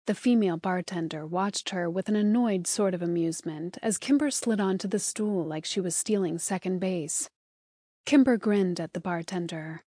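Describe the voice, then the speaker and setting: A woman narrating an audiobook in smooth, even scripted storytelling, recorded close on a studio mic. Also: on the low side, moderate pace, dry recording.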